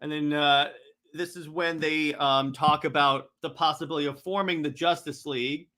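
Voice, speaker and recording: A comic reader, an excitable man whose bright, forceful voice sits a little high, recaps a comic book at a moderate pace. He rambles loosely, full of fillers and restarts.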